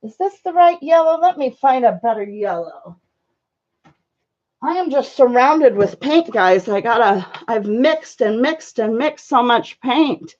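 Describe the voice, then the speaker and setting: A woman with a high voice chats loosely with her viewers while painting live, greeting them by name and filling her sentences with "you know" and "um". Her audio sounds dull and lo-fi, like a home stream mic. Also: animated, measured pace, a little mellow. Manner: chatty, friendly, many fillers, greets viewers by name.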